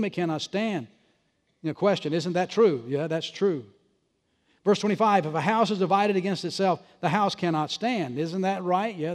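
A man preaching a sermon to his congregation, animated and punchy, with sarcastic asides. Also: on the high side, in a large hall. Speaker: pastor.

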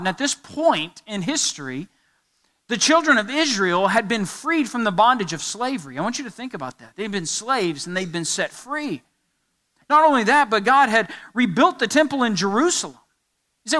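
Male pastor, high bright voice, emphatic sermon delivery with quick asides.

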